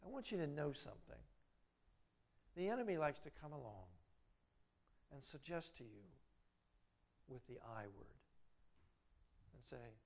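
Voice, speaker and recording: A middle-aged man preaching a sermon, rising loud on his exhortations and dropping quiet and low when he voices inner doubts. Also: lively intonation, unhurried, vocal fry, long pauses. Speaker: pastor.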